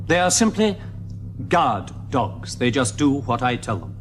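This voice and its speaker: An actor playing a smug, pompous male collaborator official in a 1970s TV drama, self-assured and quick to turn defensive. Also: mid-range voice, big pitch swings.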